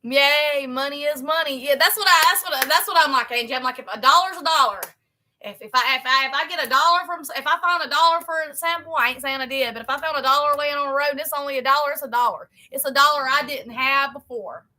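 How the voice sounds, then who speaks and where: A woman chats on a live stream from her home, her voice high and bright. She rambles in a folksy way and often starts a phrase over. She keeps calling her viewers "y'all" as she talks to them. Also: quick pace. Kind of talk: casual live-stream chat. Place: home, a trailer.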